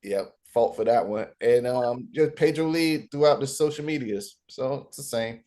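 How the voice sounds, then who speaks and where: A man's voice: medium pitch, moderate pace, dark tone. A man who does improv comedy, self-deprecating and joking as a guest in a video call interview. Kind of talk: casual interview chat.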